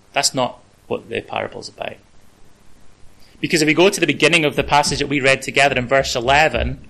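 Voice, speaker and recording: A man's voice: medium pitch, bright, forceful tone, poor audio. A man preaching a conversational sermon, with casual asides and the odd filler.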